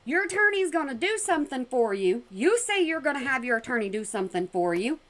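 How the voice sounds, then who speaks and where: Lively, higher-voiced woman; sassy, mocking commentary host. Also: fast talker, hardly any pauses, slight background noise. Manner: sassy, mocking, animated with sudden loud jumps. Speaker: commentary vlogger reacting to a clip. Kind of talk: casual commentary.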